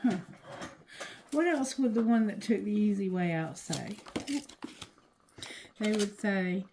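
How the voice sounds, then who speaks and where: A woman giving a casual tarot reading to her viewers, talking loosely and cursing, going quieter when she asks the cards. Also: medium pitch, slow pace, vocal fry, pauses often, a little hiss or hum, poor audio. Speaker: tarot reader.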